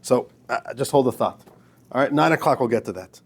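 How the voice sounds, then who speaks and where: A man's voice: mid-range voice, animated, brisk, husky. A man, a rabbi, giving an informal, emphatic lecture to a class, joking with his students.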